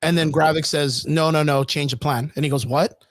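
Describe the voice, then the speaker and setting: A man co-hosting a podcast in casual debate, profane and animated, acting out scenes as he retells them. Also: on the high side, moderate pace, no echo. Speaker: podcast co-host.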